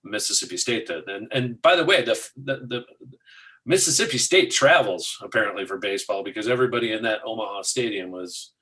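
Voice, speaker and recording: A man's voice: lowish voice, lively intonation, brisk, sharp tone, low-quality recording. A man co-hosting a markets talk show, chatting casually and walking through charts in a matter-of-fact way.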